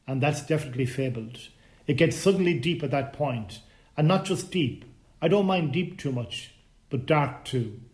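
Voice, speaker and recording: A man's voice: a little high, a little mellow, natural voice. A man voicing a hesitant young man swimmer who talks in an easy, chatty way.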